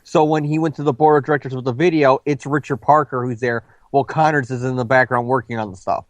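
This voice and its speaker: A man's voice: mid-range voice, fairly even intonation, fast talker, no echo. A man co-hosting a casual film review chat, thinking aloud and talking at length with small restarts. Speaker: movie review co-host.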